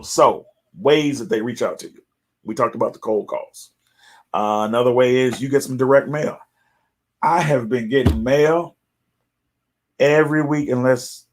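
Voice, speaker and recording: A middle-aged man talks casually to his viewers as host, with a gravelly, fry-tinged voice at a middle pitch. He is chatty and animated, and he jumps his voice up to mimic pushy callers. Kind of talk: casual live-stream talk.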